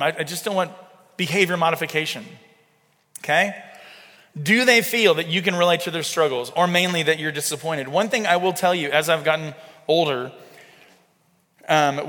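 A man's voice: on the high side, moderate pace, sharp tone. A man preaching a conversational sermon, talking to the congregation as "guys". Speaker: pastor. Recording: long hall reverb.

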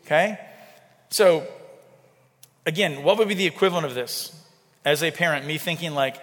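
A man's voice: on the high side, moderate pace, long pauses, a bit bright. Male preacher, sermon, chatty, keeps asking the room, reverberant hall. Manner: conversational, checks in with the congregation. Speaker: pastor.

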